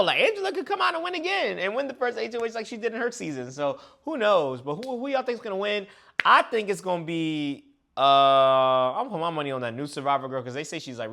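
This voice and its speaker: A man's voice: on the high side, vocal fry, bright, forceful tone. A young man casually reviewing a reality show episode for his video channel, chatty and full of slang. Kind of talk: casual reaction chat.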